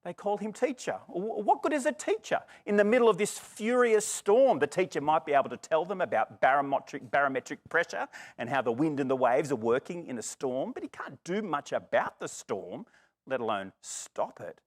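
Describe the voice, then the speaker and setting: A middle-aged man preaching a sermon, lively and expressive, acting out the voices in the story. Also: fairly high pitch, normal speed. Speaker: pastor.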